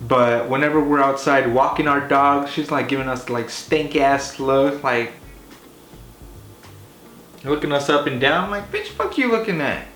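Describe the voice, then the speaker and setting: A man telling a comedy story in an animated, rambling way, swearing often and filling his talk with "like" and "you know". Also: medium pitch, measured pace, pauses often, faint music behind. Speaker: comedy vlogger. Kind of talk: casual profane storytelling. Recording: echoey room with faint hiss.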